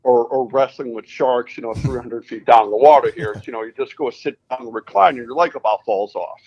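Storytelling man, dull lo-fi sound. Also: medium pitch. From Connecticut. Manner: animated retelling, acts out quoted dialogue. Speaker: guest, racing driver. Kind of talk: casual interview storytelling.

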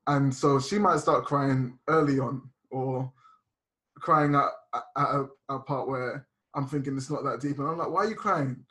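A man's voice: mid-range voice, fairly even intonation, a little slow, fairly bright tone. A young man guesting on a podcast, talking openly and reflectively about arguments with his girlfriend, with many restarts. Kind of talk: casual podcast chat.

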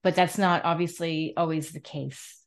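A woman hosting an interview, telling stories in an animated, supportive way. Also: sits low, moderate pace. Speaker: host. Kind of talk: conversational interview.

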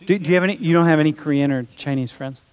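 A male instructor jokes with his students, throwing around "dude" and "bro" in a loose, playful classroom manner. His voice sits a little high for a man. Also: rapid-fire. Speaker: college instructor. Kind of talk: casual classroom banter. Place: lecture classroom.

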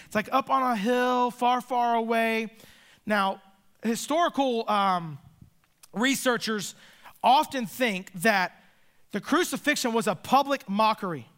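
A man preaching a sermon as pastor, earnest and emphatic, with dramatic pauses. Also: very high voice, sharp tone.

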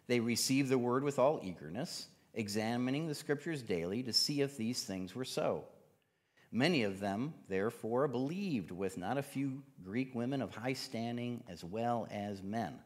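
Man, preacher, relaxed sermon, chatty, filler words, in church. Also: on the low side. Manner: casual, chatty, with many fillers. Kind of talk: conversational sermon.

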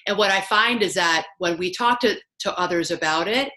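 A woman's voice: lowish voice, expressive, moderate pace, sharp tone, low-quality recording. A woman guest in a conversation, explaining and reassuring as she gives advice.

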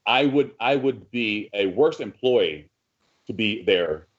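A man's voice: on the low side, slow, highs cut off. A man co-hosting a casual sports podcast, rambling and profane, telling stories with lots of energy. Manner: rambling, profane, animated storytelling. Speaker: podcast co-host.

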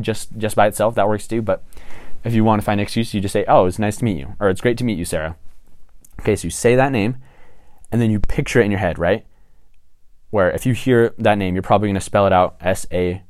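Low-voiced young man explaining casually. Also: a little mellow, dry recording, studio quality. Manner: rambling, self-correcting, frequent "right?" and "okay?" asides. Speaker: tips video presenter.

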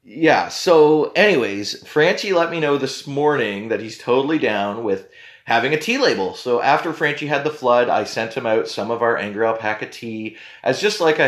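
Rambling, joking podcast host. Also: male voice, medium pitch, lively intonation, moderate pace, fairly bright tone. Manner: rambling, joking, self-deprecating. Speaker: podcast host and tea company owner. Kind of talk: casual podcast chat. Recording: roomy echo.

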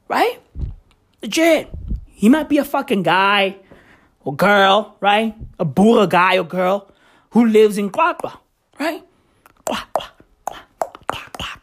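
A woman rants in a vlog, loud and shouty, with a hoarse, cracking voice. She drags out her words at an unhurried pace. Her pitch sits a little high for a woman. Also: lively intonation. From South Africa. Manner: loud, shouty, swearing heavily. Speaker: vlogger. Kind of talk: profane vlog rant.

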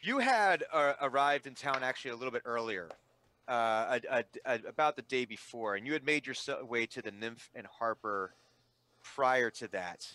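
A man narrating a tabletop game as game master, halting and restarting often as he describes the scene. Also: mid-range voice, lively intonation, bright, forceful tone. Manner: halting, full of restarts and fillers.

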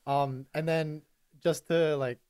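A man's voice: fairly high pitch, fairly even intonation, slow pace, a little mellow, clean tone, dry recording. A young man co-hosting a podcast in casual chat, rambling, with lots of fillers and frequent laughs.

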